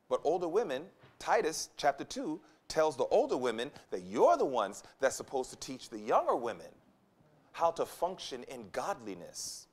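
A man preaching a sermon at a conference, emphatic and repetitive, acting out the voices of the people he quotes. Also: mid-range voice. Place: conference hall.

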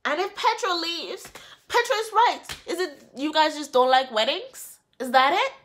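A woman's voice: sits high, moderate pace, slight background noise. A woman recapping a reality TV episode in a casual, scolding way, mocking the people in it. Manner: animated, scolding, mocking the cast in put-on voices. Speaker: reality TV reviewer.

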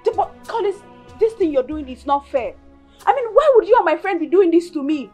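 A Nigerian actress playing a jealous young woman who feels betrayed, shouting accusations and slipping into Pidgin. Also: very high voice, big pitch swings, brisk, faint music behind. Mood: angry, hurt. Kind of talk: film acting.

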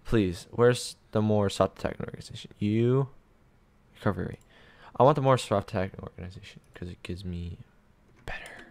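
A young man playing a strategy game at his computer, casually commenting as he swears at it, pleads with it and shouts when things go wrong. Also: fairly low pitch, a little fast. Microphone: desk mic.

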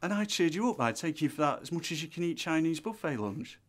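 A man's voice: fairly high pitch, lively intonation, fast, natural voice. A man playing a vain, dim aspiring actor, earnest and self-important.

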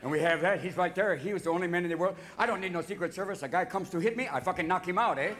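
A man's voice: high-pitched, rapid-fire, a bit bright, slight background noise. A man doing a blunt, tough-talking Canadian prime minister with a Canadian accent, who ends his lines with "eh". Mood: tough-guy boasting. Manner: blunt, tacks on "eh". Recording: live theater, audience laughter.

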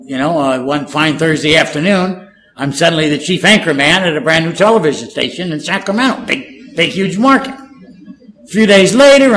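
Older guy, spanish first language, tells old stories with lots of energy, kinda high voice. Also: low-quality recording. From California. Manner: animated storyteller, acts out quoted dialogue. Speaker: guest, former war correspondent. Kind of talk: casual storytelling interview.

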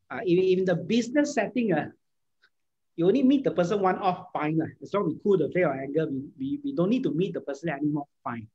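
A man talks through an informal lecture. His voice is husky. He hesitates often and restarts his sentences. The recording sounds dull and lo-fi. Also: sits high, a little mellow. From Malaysia. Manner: hesitant, many fillers and restarts. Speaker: speaker answering audience questions.

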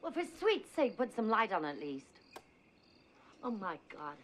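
A scolding, doting older wife. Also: female voice, mid-range voice, big pitch swings, measured pace, slight background noise. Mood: fussing. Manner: scolding, affectionate. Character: older woman, Edie, fussing over her partner.

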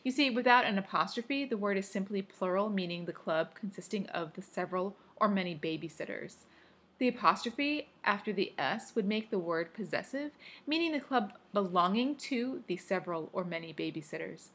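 A woman's voice: a little high, moderate pace, few pauses, a bit bright, pitched above the performer's own voice. Woman reading as a prim, fussy teen girl. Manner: precise, pedantic phrasing. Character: prim, fussy know-it-all teenage girl.

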